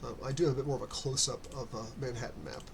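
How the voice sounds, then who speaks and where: A man's voice: medium pitch, very fast, creaky, slight background noise. A man narrating as game master, rambling with many fillers and restarts.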